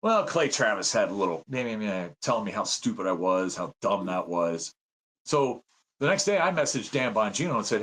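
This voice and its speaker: Podcast guest: fifties man from the United States, swoops up and down, excitable storyteller. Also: lowish voice, normal speed. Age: 50s. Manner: animated, excitable, acts out quoted voices. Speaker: podcast guest, veteran and citizen journalist. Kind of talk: casual storytelling interview.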